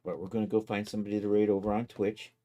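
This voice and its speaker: Easygoing male streamer, low mellow voice, thinks aloud in a casual sign-off chat. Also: level tone, racing. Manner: easygoing, thinks aloud while clicking around.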